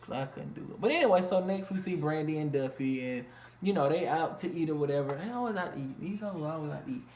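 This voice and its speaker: A man with a slightly high, somewhat mellow voice talks quickly through a blunt, profanity-heavy rant reviewing a reality show, vlog-style, from home. The room is echoey with faint ambience, and a little hiss or hum is audible.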